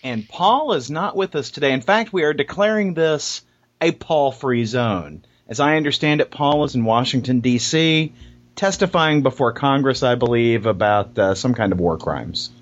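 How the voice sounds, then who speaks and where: A man's voice: medium pitch, animated, moderate pace, lo-fi sound. A man hosting a podcast, joking and teasing his co-hosts and laughing often. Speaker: podcast host. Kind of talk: casual chat.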